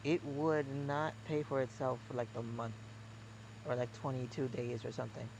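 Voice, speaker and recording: A young man narrates his farming game in a loose, rambling way and drops deadpan jokes. His voice has a gravelly fry, and his throat is sore. A steady engine hum runs loud beneath the stream audio. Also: medium pitch, moderate pace. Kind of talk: casual gameplay commentary.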